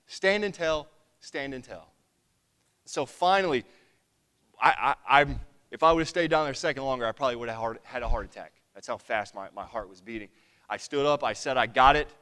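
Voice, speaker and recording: Man, thirties, church testimony, clear resonant tone, halting restarts, earnest. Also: mid-range voice, a bit bright. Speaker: lay preacher giving testimony.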